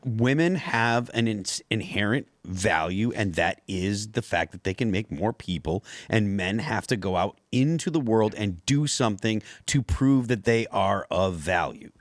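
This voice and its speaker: A man's voice: lowish voice, animated, unhurried, few pauses, no room sound, clean studio sound. A man on a panel show explaining his view in an earnest way. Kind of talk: casual panel chat.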